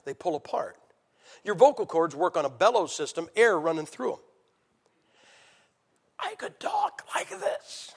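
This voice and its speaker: A middle-aged man preaching, an evangelist telling his own story in a conversational, emotional and direct way. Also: on the high side. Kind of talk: sermon testimony.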